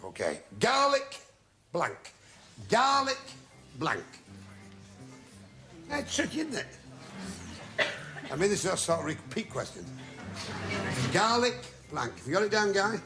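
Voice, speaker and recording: A man hosting a TV game show with wisecracking jokes and drawn-out asides to the audience. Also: high voice, huge pitch swings, soft background music. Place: TV studio with a live audience. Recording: loud studio audience and noise from an old TV broadcast.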